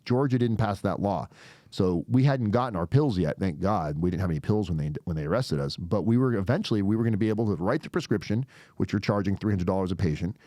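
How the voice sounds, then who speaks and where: A man with a somewhat low voice recounts a personal story in casual, profane podcast talk. He is animated and jumps into the voices of the people in his story, and the sound is dry and close to the mic. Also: no echo. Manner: animated, swears a lot, acts out quoted voices. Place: podcast studio.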